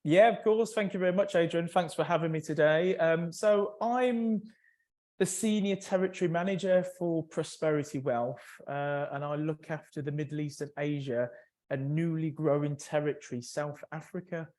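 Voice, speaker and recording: Upbeat man, higher voice. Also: steady tone, normal speed, darkish tone. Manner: enthusiastic, upbeat. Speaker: guest speaker, sales manager. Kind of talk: self-introduction on a webinar.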